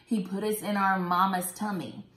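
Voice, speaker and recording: A woman's voice: mid-range voice, little pitch movement, moderate pace, fairly bright tone. A woman hosting a casual Bible study talk, chatty and enthusiastic. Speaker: host. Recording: roomy echo.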